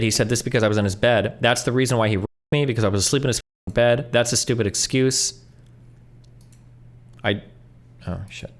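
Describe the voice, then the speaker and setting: Male streamer, mid-range voice, reads messages aloud quickly and cuts in with blunt, profane asides. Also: mid-range voice. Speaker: streamer reacting to online posts. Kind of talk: reading messages aloud with commentary.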